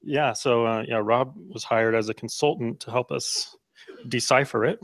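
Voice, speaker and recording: A man's voice: mid-range voice, fairly even intonation, moderate pace. Joking man introducing a speaker. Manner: joking, asks the audience questions. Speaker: presenter introducing the next speaker.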